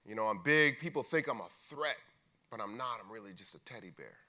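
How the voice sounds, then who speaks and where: A man quoting a tall, gentle prison inmate who speaks softly and calls him "man" and "bruh". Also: fairly low pitch, animated, fairly quick, voice pushed down. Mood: earnest. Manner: soft-spoken, calls the listener "man" and "bruh".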